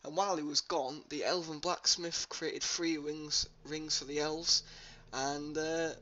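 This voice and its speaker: A man's voice: on the high side, fairly even intonation, unhurried, bright, forceful tone, dull audio, slight background noise. A young man casually commenting on his gameplay, rambling with lots of ums and uhs. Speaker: let's play host. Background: game music.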